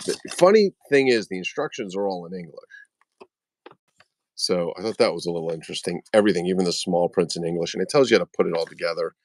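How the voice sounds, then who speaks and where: A man's voice: low voice, dry recording. A man hosting a casual toy unboxing livestream from his phone, rambling and joking, greeting viewers by name. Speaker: toy collector livestream host.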